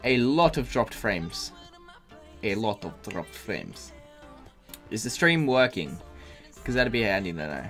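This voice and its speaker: A man's voice: on the low side, sing-song, slow, pauses often, a bit bright. A man streaming a game live, tired, talking in a rambling, profane way full of fillers and restarts. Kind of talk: casual live-stream chat. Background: faint music.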